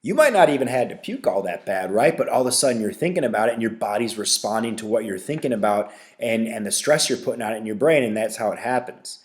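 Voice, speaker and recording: A man's voice: fairly low pitch, lively intonation, quick pace, hardly any pauses. A man hosting his own podcast, talking alone in a blunt, profane, ranting way and leaning on fillers and tag questions like "right?". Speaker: podcast host. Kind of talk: casual solo podcast rant.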